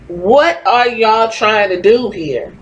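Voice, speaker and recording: A woman's voice: medium pitch, slow pace, highs cut off, a little hiss or hum. Blunt, profane woman ranting. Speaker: podcast host. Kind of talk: opinionated podcast rant.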